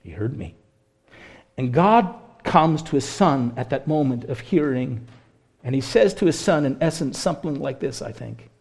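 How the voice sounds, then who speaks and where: A man preaching a sermon as pastor, impassioned, swinging between hushed, quiet passages and ringing, raised ones. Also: mid-range voice, animated, moderate pace, gravelly, slightly rough.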